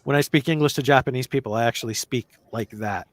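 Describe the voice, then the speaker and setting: A man's voice: medium pitch, fast, dry recording. A man hosting a live stream, reading mock news stories in a newscaster manner with casual asides.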